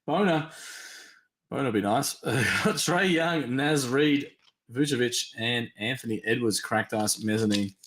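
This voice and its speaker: A man hosting a live-stream trading card break, tired and yawning, chatty as he reads teams and cards in quick lists. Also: mid-range voice, a bit bright, roomy sound, a little hiss or hum. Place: at a desk during a live stream.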